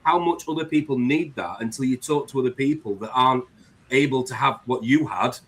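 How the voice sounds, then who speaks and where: A man's voice: medium pitch, a little fast, fairly bright tone, husky. A man hosting a live-stream chat, talking in an earnest, rambling way. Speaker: host.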